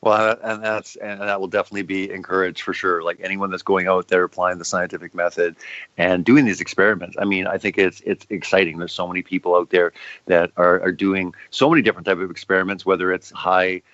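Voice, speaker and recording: Fast-talking man telling stories. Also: low voice, dry recording, highs cut off. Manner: fast, animated storytelling with acted quotes. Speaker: guest filmmaker. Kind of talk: casual interview chat.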